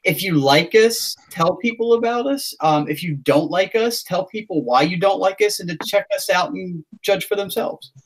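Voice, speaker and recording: Man, podcast host, slightly high voice, rambling, lots of ums. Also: normal speed, few pauses, breathy edge. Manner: rambling, filler-heavy, self-deprecating. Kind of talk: casual podcast sign-off chat.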